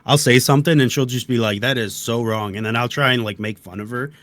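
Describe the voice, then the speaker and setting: A man's voice: mid-range voice, fast talker, fairly bright tone, no echo. A young man chatting casually as an interview guest, laid-back, dropping "dude" and "you know". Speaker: interview guest, game player and video creator. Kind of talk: casual conversation.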